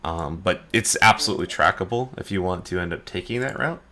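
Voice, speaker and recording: A man acting as game master, running a tabletop game in a relaxed, self-deprecating way and counting out moves aloud. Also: sits low, fairly quick.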